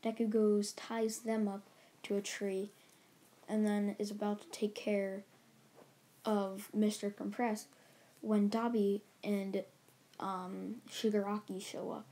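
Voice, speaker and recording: A woman's voice: medium pitch, flat delivery, takes it slowly, dark tone. A woman casually retelling a story as a channel host, rambling along with restarts and filler words.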